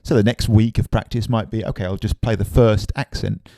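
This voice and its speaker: A man giving a relaxed, chatty drum lesson, often tossing in "man". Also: on the low side, fairly quick, no echo. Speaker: drum teacher. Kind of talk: casual spoken drum lesson.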